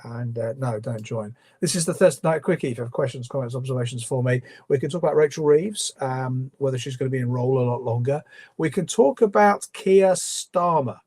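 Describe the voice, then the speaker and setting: A man's voice: mid-range voice, brisk, a little mellow, slightly rough. A man hosting a live stream, reading viewer questions and answering with opinionated, conversational commentary full of ums and restarts. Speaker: livestream host.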